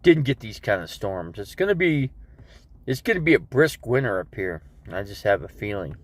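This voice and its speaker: A man's voice: fairly low pitch, sing-song, normal speed. A man with a stuffed-up nose, rambling casually to his viewers on a live stream about his day. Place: living in an RV.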